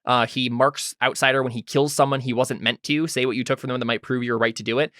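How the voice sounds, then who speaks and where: A man's voice: mid-range voice, steady tone, fast talker, fairly bright tone, dry recording, studio quality. A man running a tabletop role-playing game, talking loosely with many fillers and asking the players what they do. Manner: loose, filler-heavy, asks players questions. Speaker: game master.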